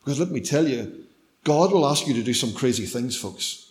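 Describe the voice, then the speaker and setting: Middle-aged male preacher, storytelling sermon, swings from emphatic to hushed. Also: mid-range voice, expressive, normal speed. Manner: storytelling, shifts between loud emphasis and hushed near-whispers.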